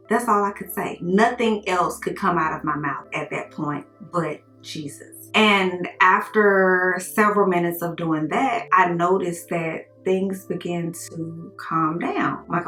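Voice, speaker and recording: A woman recounts a personal story straight to camera in a bright, forceful voice that sits a little low. She speaks earnestly and with animation, acting out what people said. The sound is echoey, with faint music behind her. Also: unhurried, few pauses. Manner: earnest, animated retelling with quoted dialogue. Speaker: vlogger telling a personal story. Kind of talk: casual storytime monologue.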